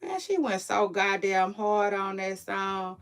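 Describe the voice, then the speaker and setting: A woman giving a casual, slangy reaction commentary, swinging from low mumbles to loud hype. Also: sing-song, slow pace.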